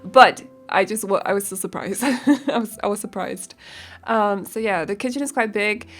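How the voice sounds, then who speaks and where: A young woman rambles along in a relaxed voice-over, giggling and often stopping to hunt for the right word. Her voice sits at an ordinary middle pitch, with soft music playing faintly behind her. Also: moderate pace. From Denmark. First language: Danish. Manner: rambling and giggly, searching for words. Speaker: game builder. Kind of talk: casual voice-over chat.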